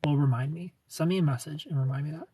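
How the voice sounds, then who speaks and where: A man's voice: fairly high pitch, fast, recorded from a distance, noisy background. A man in his thirties hosting a casual livestream and answering viewers' comments, rambling, restarting sentences and chuckling often.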